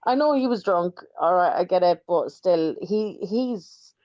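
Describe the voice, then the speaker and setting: A woman's voice: fairly low pitch, animated, a little slow, no room sound, highs cut off. A woman talking on a livestream panel, indignant and rambling with many fillers. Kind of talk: casual livestream panel talk.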